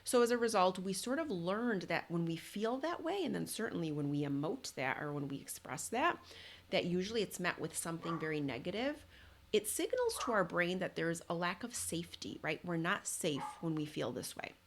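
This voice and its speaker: A woman's voice: fairly low pitch, sing-song, normal speed, slight background noise. A woman hosting a solo parenting podcast, talking in an earnest, conversational way with restarts and repeated words.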